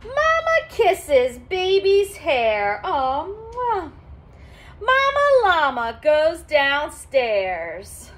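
A woman's voice: high-pitched, huge pitch swings, drawn-out words, hardly any pauses. A woman reading a children's picture book aloud in a sing-song, teacherly way, stopping to explain words to young listeners. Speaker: storybook reader for children.

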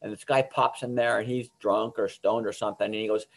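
A man's voice: on the low side, fairly even intonation, a little fast, creaky. A middle-aged man giving an informal, earnest Bible lesson to teenagers, often checking in with "okay?" and restarting his phrases. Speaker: youth ministry teacher. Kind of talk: recorded Bible lesson for teens.

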